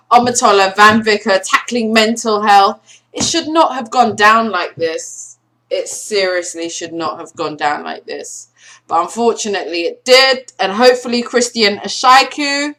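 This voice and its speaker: Bright, sarcastic woman reviewing a film. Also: on the low side. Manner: animated, sarcastic, exaggerated emphasis. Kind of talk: casual vlog review.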